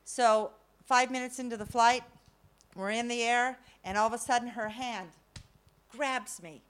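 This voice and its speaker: A middle-aged woman telling a funny personal story to an audience, animated and self-mocking, swinging from loud to hushed. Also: a little high, measured pace.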